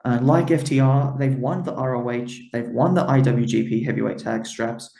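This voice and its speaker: A man's voice: medium pitch, moderate pace, gravelly, dark tone, reverberant. A man of the Greek diaspora co-hosting a podcast, reading a wrestling recap with lots of "uh" and "um". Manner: reads recap with many fillers. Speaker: podcast co-host.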